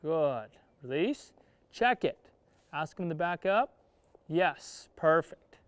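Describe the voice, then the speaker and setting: At an outdoor riding arena, a horse trainer with a fairly high, smooth voice teaches from the saddle, explaining each step slowly and animatedly in plain cowboy speech. He breaks off with short calls to coach his horse, and the audio is close and dry.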